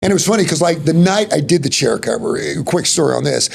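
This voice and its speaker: A man's voice: fairly high pitch, animated, fast, creaky, breathy edge. A middle-aged man from Texas with a Texas accent, telling stories in a rambling, folksy way as an interview guest. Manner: rambling, folksy, full of "you know" and "like". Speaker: podcast guest. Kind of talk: casual interview storytelling.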